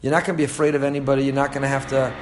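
A man's voice: mid-range voice, level tone, very fast. Man, mid-range voice, earnest religious teacher, repeats himself for emphasis, faint room hum behind. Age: young adult to middle-aged, father of a four-year-old. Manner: earnest, repeats phrases, chuckles at own stories. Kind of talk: Torah class, reading texts and translating.

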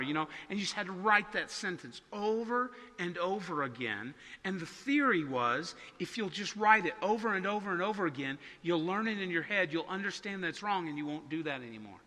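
Bright, high-voiced preacher in a hall. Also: male voice. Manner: conversational preaching, slows for emphasis. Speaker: pastor. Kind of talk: sermon. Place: church sanctuary.

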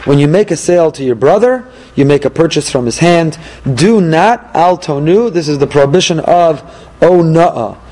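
A man, a rabbi, giving an emphatic Torah class with rhetorical questions and animated delivery. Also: on the high side, brisk, low-quality recording.

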